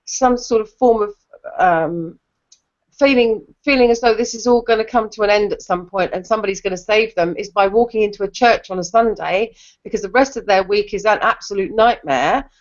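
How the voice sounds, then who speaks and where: A woman with a London accent moderating a casual online debate, blunt and opinionated, quick to set people straight. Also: mid-range voice, highs cut off. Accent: London English. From London, England. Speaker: discussion moderator.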